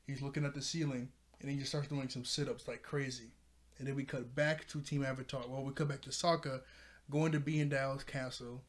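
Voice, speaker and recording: A man's voice: medium pitch, flat delivery, brisk. A man recapping a cartoon episode in a rambling way, often correcting himself. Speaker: video reviewer.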